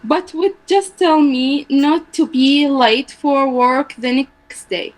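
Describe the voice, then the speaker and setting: A woman student reading a passage aloud in class, halting and correcting herself often. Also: high voice, low-quality recording.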